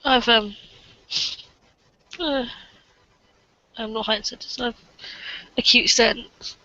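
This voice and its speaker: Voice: medium pitch, steady tone, slow, bright, forceful tone, no room sound. A player in a tabletop role-playing game, talking casually and hesitantly, with frequent ums. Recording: dry, dull lo-fi recording.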